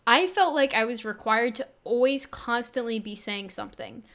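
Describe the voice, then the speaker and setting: A video creator and game developer reacts to her own old footage in casual commentary, freely mocking herself while stumbling and restarting often. Her voice is youthful, slightly high, a bit bright, and sounds younger than her age, picked up by a Blue Yeti mic on a desk arm.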